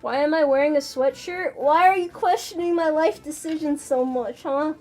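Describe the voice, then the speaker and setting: A woman's voice: sits high, moderate pace, darkish tone, soft background music. A woman streaming from her home PC, chatting casually with her chat. She swears a lot and mutters to herself as she assembles a model. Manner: swears often, chatty and playful; muttering and exclaiming while building a model. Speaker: VTuber streamer. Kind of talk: casual livestream chat answering chat.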